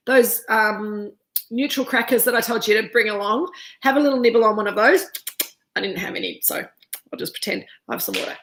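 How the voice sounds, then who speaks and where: Her voice is slightly high and gravelly as she leads an informal online wine tasting, talking openly between bites of cheese. She is the winemaker guiding the session.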